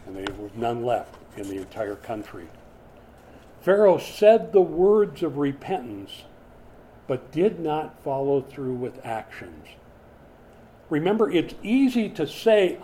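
A man delivering a sermon in a relaxed, chatty manner, his voice mellow and warm. He repeats words as he works up to a point and swings suddenly into dramatic emphasis. A faint hiss sits under the recording. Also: fairly high pitch, slow. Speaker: preacher. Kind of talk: expository sermon.

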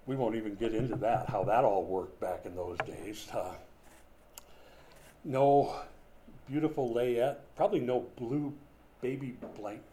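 A man's voice: medium pitch, a little slow, long pauses, mellow, a little hiss or hum. An older man preaching a sermon in a conversational, folksy way, with chatty asides and small jokes. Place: room with a whiteboard.

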